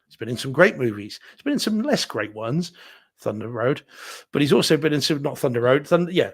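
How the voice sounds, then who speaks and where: A man's voice: fairly high pitch, very animated, fast talker, breathy edge. A man, co-hosting a live home theater show and giving a candid, rambling film opinion with many restarts. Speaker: podcast co-host reviewing movies. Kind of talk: casual live-stream chat.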